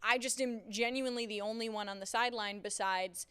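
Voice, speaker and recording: Woman, young adult, Central New York accent, sports reporter, casual podcast chat, smooth clear voice. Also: a little high, steady tone, fairly quick, bright, forceful tone. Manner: chatty, frequent "like" and "I mean".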